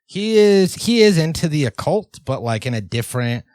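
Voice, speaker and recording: A man co-hosting a comedy podcast, talking in a deadpan, mock-serious way with lots of fillers. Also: fairly high pitch, moderate pace, no room sound. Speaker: podcast co-host. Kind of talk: casual comedic podcast chat.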